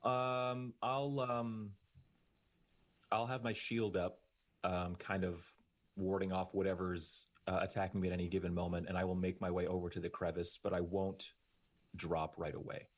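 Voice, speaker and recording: A deep-voiced man plays a tabletop game. He talks through his moves slowly and tentatively, with frequent ums. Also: little pitch movement. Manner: hesitant, tentative. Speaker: player.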